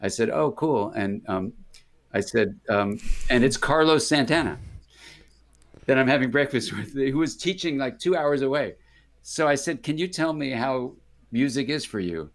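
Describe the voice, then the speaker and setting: Medium-pitched with lively intonation and a normal pace, an older American psychiatrist tells casual stories as an interview guest. He rambles and breaks off mid-thought, voicing the people in his anecdotes.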